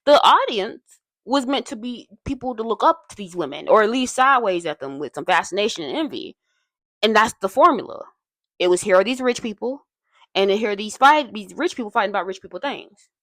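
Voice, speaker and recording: A woman's voice: mid-range voice, expressive, a little fast, a bit bright, dry recording. A woman hosting a casual commentary video essay, chatty and digressive with many asides, her voice a little tired and strained. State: voice tiring and strained.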